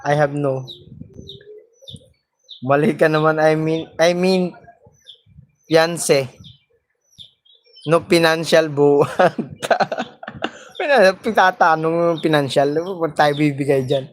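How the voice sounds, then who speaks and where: A man's voice: fairly high pitch, slow pace, pauses often. Playful Filipino man vlogging. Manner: joking, playful, switching between Tagalog and broken English. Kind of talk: casual chat to camera.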